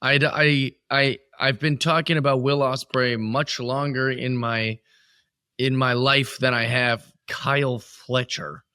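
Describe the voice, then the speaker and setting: A man with a bright voice co-hosts a casual wrestling chat, rambling playfully and restarting his sentences. The recording is dry and close. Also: mid-range voice, steady tone, takes it slowly, smooth, dry recording. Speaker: podcast co-host.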